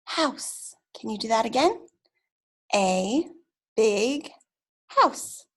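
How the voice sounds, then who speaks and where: A woman teaching young children to read, speaking slowly and encouragingly and drawing out her words. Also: sits high, breathy edge. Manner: slow, drawn-out, encouraging teacher voice. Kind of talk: early reading lesson for young children.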